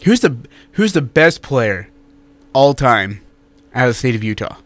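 A man co-hosting a sports talk radio show, chatting in a blunt, animated way and reading out listener texts. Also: mid-range voice, a little slow.

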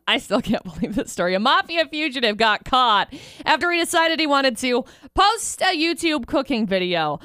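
A woman's voice: high voice, big pitch swings, normal speed, pushed and bright, dry recording, clean studio sound. A woman co-hosting a casual chat show, reading out odd news stories with a playful, laughing delivery. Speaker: co-host.

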